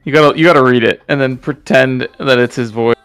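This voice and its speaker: A man's voice: medium pitch, steady tone, a little fast, a bit bright, clear, resonant tone, soft background music. A man in a gaming voice chat, teasing his friends and laughing easily. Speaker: raid teammate.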